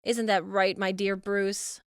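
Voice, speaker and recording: A woman's voice: medium pitch, level tone, takes it slowly, clear, resonant tone, no echo, clean studio sound. A woman voicing an overbearing, scheming middle-aged mother who talks in a cloying, possessive, sing-song way. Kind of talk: animated story voice-over.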